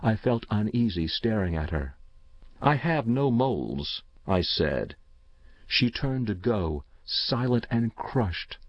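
A man narrating a first-person story in a measured, somber, literary way. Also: on the low side, dry recording. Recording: dull, dry lo-fi recording.

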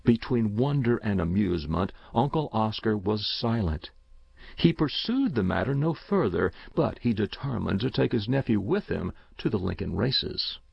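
A man narrating an audiobook in an expressive, measured way. His pitch moves in a lively way and his voice has a gravelly grain. The recording is dry and somewhat dull. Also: no echo.

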